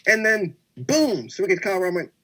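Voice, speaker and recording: A man co-hosting a casual wrestling podcast, talking excitedly and acting out his own reactions as he recaps a show. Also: sits high, brisk. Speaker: podcast co-host.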